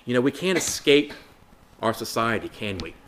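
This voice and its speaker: A man's voice: mid-range voice, big pitch swings, normal speed, a bit bright, slight background noise. A man preaching a Bible study sermon in an earnest way, asking rhetorical questions, repeating phrases and calling listeners brothers and sisters.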